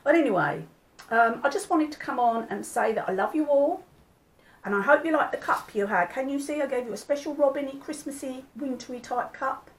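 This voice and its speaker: A woman's voice: high-pitched, expressive, fairly quick, rough recording. An older woman, chatting casually to her viewers, homely and rambling. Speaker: vlogger. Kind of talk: casual chat.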